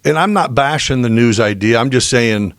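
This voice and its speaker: A man hosts a podcast interview in an easygoing, conversational way. His voice sits at an ordinary middle pitch, and it is recorded close and dry with no room sound. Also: moderate pace, no room sound. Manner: laid-back and conversational. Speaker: podcast host. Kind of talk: casual interview chat.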